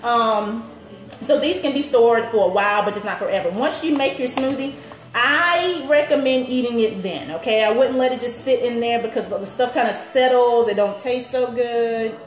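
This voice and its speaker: A woman's voice: on the high side, moderate pace, roomy sound, slight background noise, rough recording. A woman personal trainer in her thirties, chatting upbeat on a live stream to viewers and laughing often.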